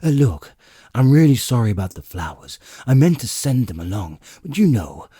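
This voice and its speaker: A man's voice: mid-range voice, sing-song, mellow, husky, no room sound, studio quality, pitched above the performer's own voice. A man voicing a flustered, evasive male alien adventurer who stammers and pleads in a hurry, as a character voice in an audiobook reading. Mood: nervous, pleading. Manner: stammering with many "uh"s and hurried pleading.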